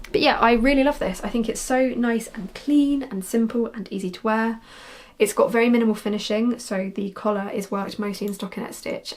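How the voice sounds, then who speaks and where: A young knitwear designer who podcasts talks casually about her knitting projects, chatty and rambling, with frequent ums and restarts. Her voice is medium in pitch and a little mellow.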